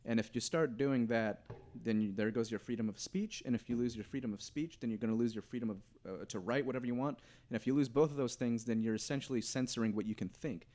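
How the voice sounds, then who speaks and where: Rambling man with halting restarts. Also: mid-range voice, dark tone. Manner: rambling, hesitant, many restarts. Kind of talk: casual chat.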